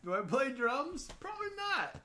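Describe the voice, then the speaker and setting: A man's voice: very high-pitched, sing-song, moderate pace, noisy background. A man cohosting a casual podcast, riffing on goofy jokes and laughing often. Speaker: podcast co-host. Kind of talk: casual joking chat.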